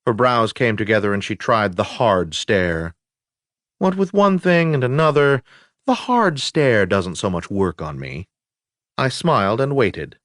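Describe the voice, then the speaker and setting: Low, wry male audiobook narrator. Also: very animated, measured pace, a bit bright, dry recording. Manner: dry, wry understatement. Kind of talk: first-person audiobook narration.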